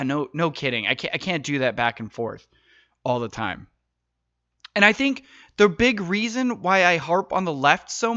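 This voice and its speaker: Bright-voiced man ranting on a podcast. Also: fairly high pitch, dry recording. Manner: casual, rambling, swears freely. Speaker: podcast host. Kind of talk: solo podcast monologue. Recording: dull lo-fi dry mic sound.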